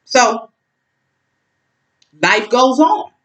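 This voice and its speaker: A woman tells her story straight to the camera, blunt and outspoken, speaking as if to someone who isn't there. Her voice sits a little high and moves a great deal, rising and falling with every point. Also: lively intonation, drawn-out words, poor audio. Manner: outspoken, emphatic, speaks directly to an absent ex. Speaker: vlogger telling a story. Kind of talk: storytime vlog, casual and heated.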